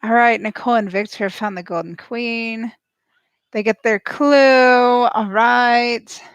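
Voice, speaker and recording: A woman giving snarky, excitable live reaction commentary as she watches a show and cheers at the screen. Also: on the high side, takes it slowly, clear, resonant tone, no echo. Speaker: show recap host.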